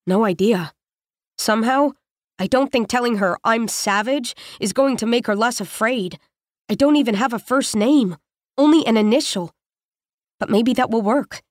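A woman reading a scripted first-person story in a measured, tense, intimate manner. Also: a little high, no echo. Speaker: narrator. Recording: dry close studio voice.

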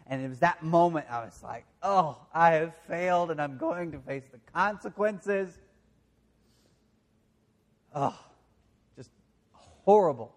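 A man from the American South with a Southern accent, preaching a sermon with self-deprecating stories that drop into quiet, confessional moments. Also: a little high. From Southern United States. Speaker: pastor.

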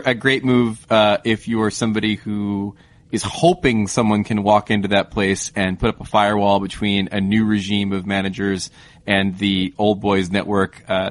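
A man co-hosting a podcast, talking in a quick, wry, joking manner. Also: on the low side. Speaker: podcast co-host. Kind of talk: casual podcast chat.

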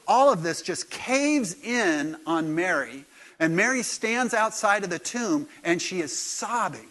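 A man preaching a sermon in a conversational storytelling way, sometimes dropping to soft, intimate tones. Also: high voice, animated, a little slow. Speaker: pastor.

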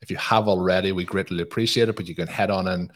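A man hosts a podcast in a chatty, easygoing manner, with lots of "uh"s as he rolls through announcements. His voice sits on the low side. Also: fairly even intonation, fast talker. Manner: chatty, plugging with many fillers. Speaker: podcast host. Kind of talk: casual podcast chat.

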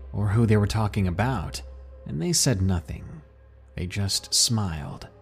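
A man narrating a scary first-person story for a podcast in a measured, suspenseful way. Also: lowish voice. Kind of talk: scripted horror narration. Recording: soft music behind.

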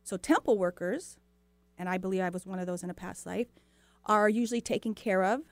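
A woman's voice: mid-range voice, fairly quick, no room sound. A woman hosting a spiritual talk show, telling a personal story in a chatty, earnest way with lots of quoted dialogue. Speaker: host.

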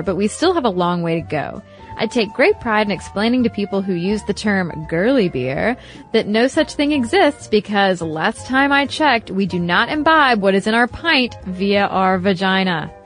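A woman's voice: mid-range voice, lively intonation, normal speed, soft background music. Upbeat young woman podcast co-host. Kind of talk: casual chat.

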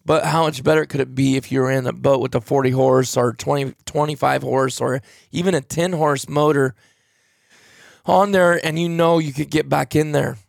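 A man's voice: medium pitch, fairly even intonation, normal speed, vocal fry, no room sound, studio quality. A man hosting a podcast, talking casually and rambling with many fillers, sounding tired and yawning as he answers a listener. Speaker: podcast host.

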